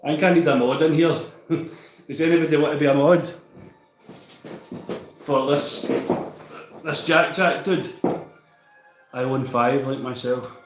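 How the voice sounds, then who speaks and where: A man's voice: mid-range voice, little pitch movement, measured pace, pauses often, reverberant, soft background music, rough recording. A Scottish man chatting casually with viewers on a livestream, reading out and answering their comments.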